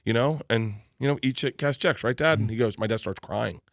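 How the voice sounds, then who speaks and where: A man's voice: medium pitch, brisk, vocal fry, dry recording, clean studio sound. A man in his forties from Florida, telling stories as a comedian guest in a casual interview, acting out quotes and laughing.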